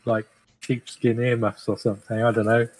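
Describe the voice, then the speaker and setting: A man's voice: mid-range voice, level tone, moderate pace, no echo, rough recording. A man playing a tabletop game, hesitant and often unsure. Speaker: player. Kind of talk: casual chat at a tabletop game.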